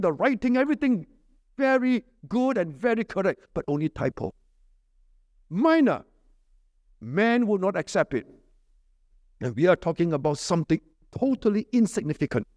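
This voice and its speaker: A man preaching a sermon, emphatic, with rhetorical questions and sharp swings between raised stresses and low dropped endings. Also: dry recording.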